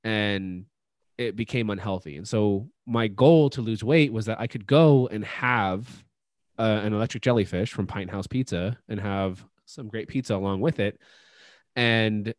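Lowish-voiced guy rambling on a podcast, dry close sound. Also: measured pace, no echo. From Austin, Texas. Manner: relaxed, rambling, many fillers. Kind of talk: casual chat.

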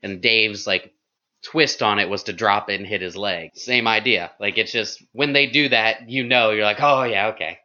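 A man who is a stand-up comedian, chatting casually in a flamboyant, animated way full of fillers. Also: fairly low pitch, normal speed, muffled recording. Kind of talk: casual chat.

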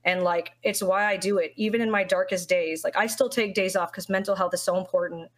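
A woman's voice: mid-range voice, fairly even intonation, a little fast. A young woman, a streamer, talking candidly and with feeling in an interview, often restarting her sentences. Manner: candid, heartfelt, rambling with many restarts. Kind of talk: emotional interview talk.

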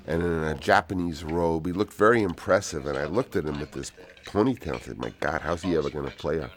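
An older man, a film director, telling rambling anecdotes in a soft, unhurried commentary. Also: sits low.

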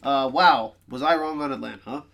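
Bright-voiced man on a casual sports podcast. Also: medium pitch, brisk, gravelly. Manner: animated, groaning and exasperated about his team. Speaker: podcast co-host.

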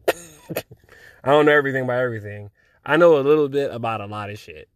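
A man's voice: medium pitch, a little fast, dry recording. Laid-back, rambling young man, slangy. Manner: loose, slangy, heavy swearing, rambling. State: high. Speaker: podcast host. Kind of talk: casual solo chat.

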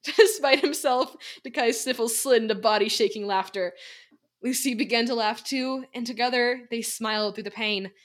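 A woman's voice: a little high, steady tone, normal speed, fairly bright tone. Teen girl narrating an audiobook. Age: teens. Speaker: co-author and narrator.

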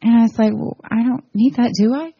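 A woman from Florida in her forties, giving a heartfelt personal testimony to a church group, her voice swinging between soft, tearful and excited. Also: on the high side, brisk, gravelly, slightly rough, no echo, highs cut off. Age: 40s. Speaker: guest speaker.

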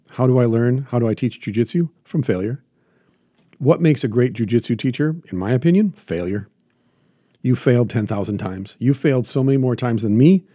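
A man's voice: mid-range voice, dark tone, no room sound, clean studio sound. A man hosting a reflective motivational monologue as a jiu-jitsu teacher, earnest and emphatic with lots of repetition.

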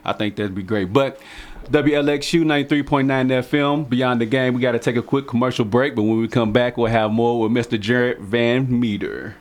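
A man's voice: mid-range voice, fairly quick, a little hiss or hum. A man with a Kentucky country accent hosting a casual radio interview in a studio, chatty, laid-back and joking. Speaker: radio show host.

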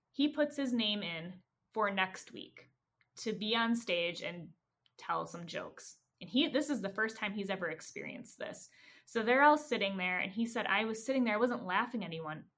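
A woman podcast host retelling a story in a casual, animated way, acting out the quoted lines. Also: medium pitch.

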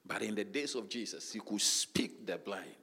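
A man's voice: fairly low pitch, moderate pace, bright, forceful tone, slightly rough. A man preaching a sermon, emphatic and repetitive, calling out to the congregation with frequent hallelujahs. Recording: long reverb of a large hall.

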